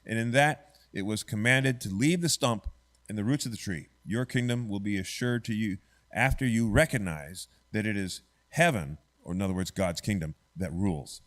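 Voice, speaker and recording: A man's voice: fairly low pitch, normal speed, fairly bright tone. A man teaching an adult church Bible study class in a church classroom, conversational and often quizzing the class with "right?".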